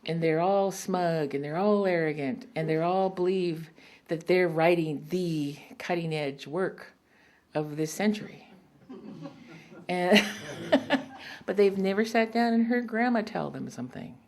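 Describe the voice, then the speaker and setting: Woman poet, low voice, rambling anecdotes, chuckles between stories, live reading. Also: a little slow, darkish tone. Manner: rambling, anecdotal, laughs often. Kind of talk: storytelling talk between poems. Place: public poetry reading.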